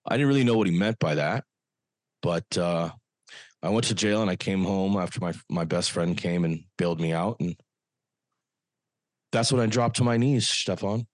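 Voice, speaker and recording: Low-voiced guy, earnest, halting storytelling, dry close sound. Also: no room sound. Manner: earnest, halting with frequent pauses. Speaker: podcast guest. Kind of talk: personal storytelling.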